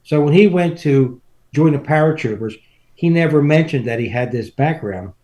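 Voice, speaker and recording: A man's voice: fairly high pitch, lively intonation, normal speed, warm tone. A man in his seventies, a podcast guest, telling rambling family stories in casual chat and chuckling through them. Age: 70s.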